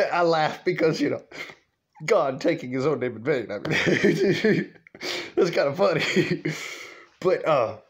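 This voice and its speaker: A man's voice: on the high side, animated, slow, long pauses, husky. A man telling a profane, rambling story, laughing often. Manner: rambling, cussing, laughs a lot. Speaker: vlogger storyteller.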